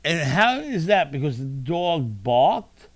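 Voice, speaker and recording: A man's voice: on the high side, big pitch swings, slow, no echo. A man co-hosting a live stream, chatting casually and teasing. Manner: joking, teasing, does mock impressions. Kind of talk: casual chat.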